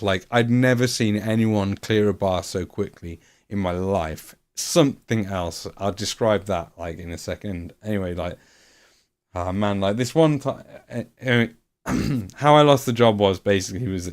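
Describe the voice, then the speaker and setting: A man streaming, telling a rambling story with lots of swearing and fillers. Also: lowish voice. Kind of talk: casual storytelling.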